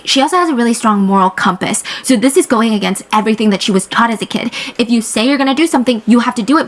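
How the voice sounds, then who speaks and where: Animated woman telling a true crime story. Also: on the high side, poor audio. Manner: animated, conversational, quick asides. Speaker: true crime podcast host.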